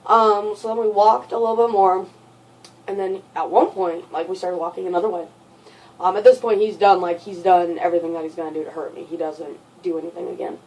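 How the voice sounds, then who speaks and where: A young adult woman telling a personal story in a vlog, halting and looping back over details with lots of fillers. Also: lowish voice, steady tone, a little mellow. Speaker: vlogger. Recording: voice sits far from the mic.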